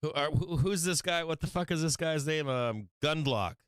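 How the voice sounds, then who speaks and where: A man's voice: on the high side, lively intonation, normal speed, clear, resonant tone, no echo. A man hosting a live stock market stream, rambling and mocking, swearing often as he talks to his viewers. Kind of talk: casual profane market chat.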